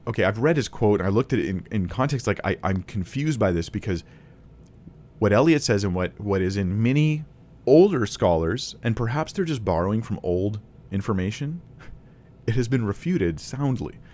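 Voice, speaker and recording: A man's voice: lowish voice, animated, normal speed, darkish tone. A man teaching a Bible lesson to camera in a casual, conversational way, thinking aloud with restarts and small laughs.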